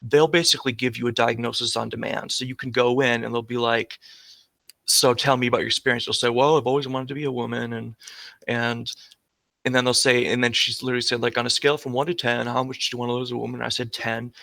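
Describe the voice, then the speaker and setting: A man's voice: medium pitch, level tone, quick pace, creaky, pushed and bright, no echo. A man speaking as a podcast guest, earnest and hesitant, often restarting his sentences. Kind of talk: casual conversation.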